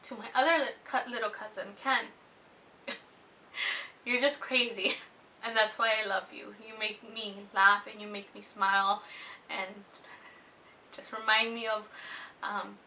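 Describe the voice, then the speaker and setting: A woman in her twenties speaking in a heartfelt personal vlog, earnest and tender, pausing often with ums. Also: mid-range voice, steady tone, sharp tone. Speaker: vlogger. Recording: slightly distant mic with faint hiss.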